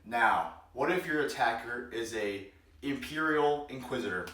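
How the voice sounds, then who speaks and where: A man's voice: medium pitch, a little slow. A man teaching self-defense moves in a joking vlog, calling out strikes as he demonstrates them. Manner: playful, demonstrates moves while explaining, cracks jokes; energetic, calls out strikes during demonstrations. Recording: roomy, distant mic, noisy.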